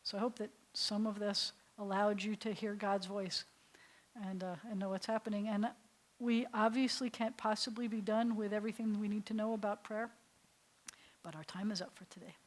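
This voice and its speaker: A woman rabbi teaching an adult class on prayer, reciting Hebrew lines slowly and translating them phrase by phrase, with soft, dropped-voice asides. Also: mid-range voice, steady tone.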